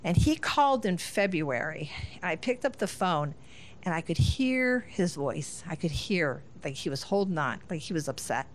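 Animated middle-aged woman telling a family story. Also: fairly low pitch, moderate pace, slight background noise. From Northern Ohio. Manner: animated, laughing, acts out family dialogue. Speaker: guest speaker. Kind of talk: storytelling talk.

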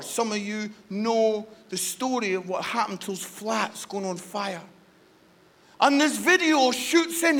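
A man preaching in a strikingly high, bright, forceful voice. He delivers a passionate sermon, sinking to hushed near-whispers and then building to shouts. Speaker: guest preacher. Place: church service.

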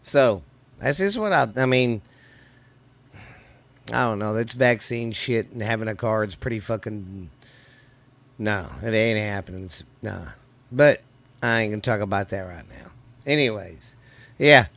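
A middle-aged podcast host with a Southern Louisiana accent rambles casually, swearing loosely and calling listeners "baby." His fairly low, fairly bright voice sounds slightly sore and moves at a measured pace with frequent pauses, in a rough recording.

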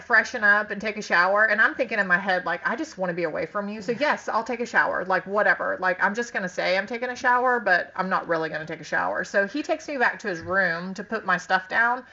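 A woman on a podcast telling a story in a casual, animated way, laughing often and acting out what people said. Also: medium pitch, quick pace, few pauses. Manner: animated, laughing, frequent "like", acts out quotes. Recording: dull lo-fi sound.

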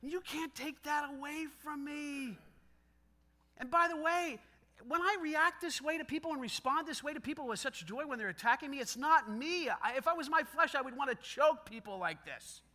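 High, bright, animated male preacher. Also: moderate pace. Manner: animated, conversational, acts out dialogue, laughs often. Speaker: pastor. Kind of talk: sermon.

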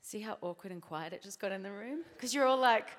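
An Australian woman in her thirties talks fast in a medium-pitched voice, with a long reverb tail trailing her words. Speaking at a conference, she gives a chatty, self-deprecating church talk packed with filler words.

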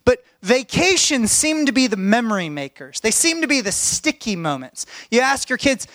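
High-voiced man preaching heartfelt stories. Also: big pitch swings, normal speed, a bit bright, dry recording. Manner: earnest, heartfelt storytelling. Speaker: pastor. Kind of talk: sermon with personal stories.

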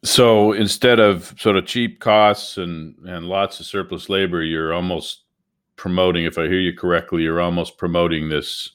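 A male interviewer asking measured questions and summing up what his guest has said. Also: sits low, steady tone, a bit bright, smooth. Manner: measured, paraphrasing the guest's points.

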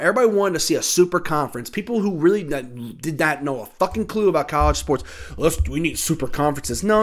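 A man in his thirties ranting alone about college sports, swearing often, irritated and heated, with sudden loud outbursts. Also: high voice. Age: 30s. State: annoyed. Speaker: sports talk host. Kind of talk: solo sports rant.

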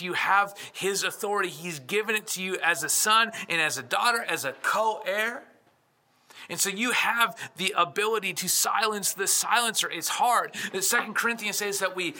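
A man's voice: high-pitched, sharp tone. A man, a pastor, preaching a sermon with impassioned delivery, retelling scripture stories and building in intensity. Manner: storytelling scripture accounts.

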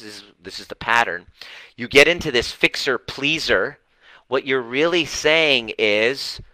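A male healing coach giving a blunt, animated live talk to online viewers, swearing casually. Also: on the low side, clear, resonant tone, no room sound, poor audio.

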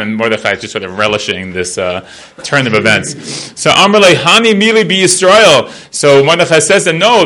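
A man's voice: mid-range voice, pushed and bright. A man teaching a Talmud page in a casual class, reading Aramaic and translating it line by line in a chatty way, full of fillers.

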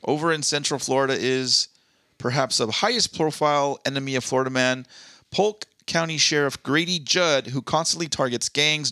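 A man's voice: mid-range voice, sharp tone, dry recording, clean studio sound. A man co-hosting a casual podcast, reading news articles aloud and giving blunt, profane opinions. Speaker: podcast co-host.

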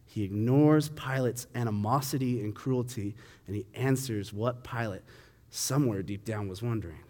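A man's voice: medium pitch, normal speed, warm tone, long reverb tail. A man giving a casual sermon on a Bible passage. He keeps asking his listeners questions and acts out the quoted lines. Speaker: preacher.

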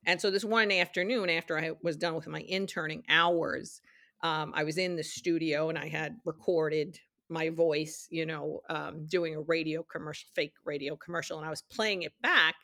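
Middle-aged woman guest, low-pitched and chatty, dry close recording. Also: steady tone, normal speed, fairly bright tone, no echo. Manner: chatty, acts out quoted dialogue in her anecdotes. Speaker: interview guest, studio executive. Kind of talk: casual storytelling interview.

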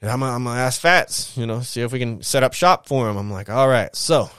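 A man talks through his own past in loose, profanity-filled street slang, slipping into the voices of the people he describes. His voice is smooth and clear, at an ordinary pitch. The sound is close and dry. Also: brisk, no echo. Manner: animated retelling with quoted voices. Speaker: podcast host telling his life story. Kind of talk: casual storytelling monologue.

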